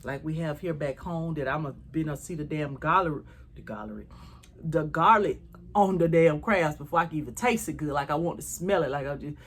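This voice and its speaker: A woman telling a travel story to her viewers in a casual, animated way, swearing freely. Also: low voice, brisk.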